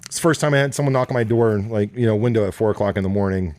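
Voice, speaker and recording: Animated, rambling guy telling road stories. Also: fairly low pitch, racing, no room sound. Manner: rambling, profane, animated storytelling. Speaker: podcast guest. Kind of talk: casual storytelling. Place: basement studio.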